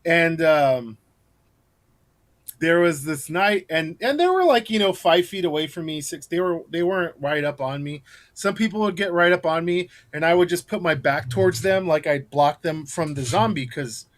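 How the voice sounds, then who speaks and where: A scare actor appearing as a guest in a casual interview rambles through his stories, laughing along, with many fillers and restarts. His voice is a little high and expressive, at normal speed.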